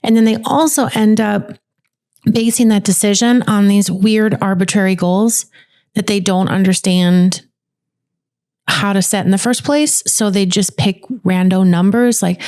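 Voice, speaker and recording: A woman co-hosting a podcast, chatting casually and explaining things at length in a lively, talkative way. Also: medium pitch, measured pace. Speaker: podcast co-host.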